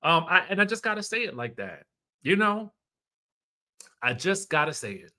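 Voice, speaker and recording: A man with a fairly high voice hosts a casual live stream at a moderate pace, greeting viewers and offering emphatic commentary. He's animated and repeats phrases for effect.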